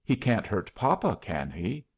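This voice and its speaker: A man's voice: lowish voice, big pitch swings, unhurried, gravelly, a little mellow, husky, dull audio, heavily acted. A man reading the lines of an anxious, earnest young woman who pleads and reproaches in a story, raising his voice for her.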